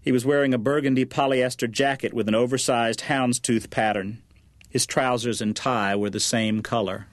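Measured male audiobook narrator. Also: mid-range voice, no echo, studio quality. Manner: even and measured. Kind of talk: scripted narration.

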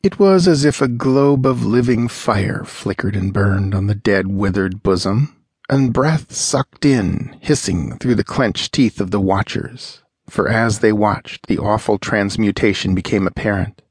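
A man narrates a pulp fantasy audiobook, measured and dramatic. His voice sits low with a husky grain, recorded close and dry. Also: a little mellow, no room sound.

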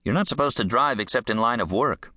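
A man's voice: mid-range voice, brisk, sharp tone, no echo, pitched above the performer's own voice. A male audiobook narrator playing a probation officer who questions people in a firm, probing, dry way.

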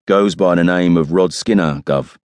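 A man voicing a wry, laconic detective sergeant with a deadpan delivery. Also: low voice, normal speed, no room sound, close to an everyday voice.

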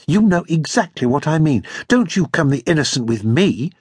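A man voicing a sharp, jealous young woman with a quick, accusing tongue in an audiobook. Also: fairly high pitch, very animated, husky, no room sound, clean studio sound. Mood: tart. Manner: tart and accusing.

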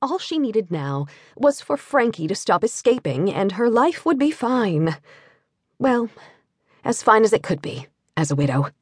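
A woman narrating an audiobook with animated storytelling on a close studio mic. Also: fairly high pitch, unhurried, breathy edge, dry recording. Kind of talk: scripted narration.

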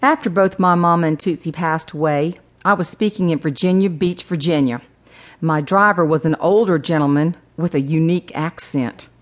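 A woman's voice: deep voice, normal speed. A woman narrating her own memoir audiobook, humorous with playful emphasis.

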